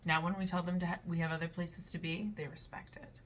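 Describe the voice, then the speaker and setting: A young woman in her twenties hosting a casual reaction video, talking in a blunt, animated way and reading posts aloud. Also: fairly low pitch, fast talker, slight background noise. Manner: blunt and animated, with playful voices.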